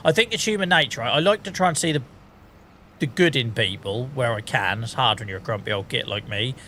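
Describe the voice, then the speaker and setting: A man's voice: medium pitch, a little fast, bright, forceful tone, a little hiss or hum. A British man streaming a game, chatting casually and ranting, laughing often at his own jokes. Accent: British English. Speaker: gaming streamer. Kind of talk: casual live-stream chat.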